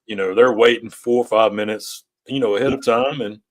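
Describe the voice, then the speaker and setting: A man's voice: on the low side, steady tone, fairly quick. A man co-hosting a casual food show, talking in an easygoing, rambling way. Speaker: co-host. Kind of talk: casual chat.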